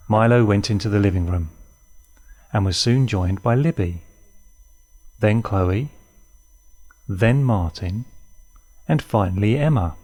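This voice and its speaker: A man reading a children's story aloud in an expressive way. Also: lowish voice, takes it slowly, pauses often, soft background music. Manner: warm, expressive read-aloud.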